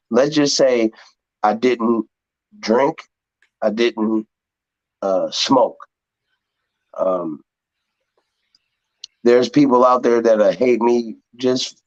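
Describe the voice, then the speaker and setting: A man speaking as a guest on a live online panel, rambling and halting as he defends himself. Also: on the low side, darkish tone, no room sound. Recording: dull, dry, lo-fi call audio.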